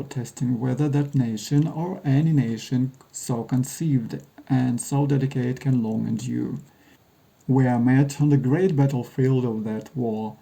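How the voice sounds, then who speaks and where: A man's voice: medium pitch, gravelly, warm tone, rough recording. A man doing a guide's solemn recital. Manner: solemn declaiming oratory. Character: male guide reciting a famous old speech.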